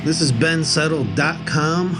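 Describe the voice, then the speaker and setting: A man's voice: fairly high pitch, measured pace, music in the background. Brash, joking male podcast host. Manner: brash, joking, blunt storytelling. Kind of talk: casual podcast chat.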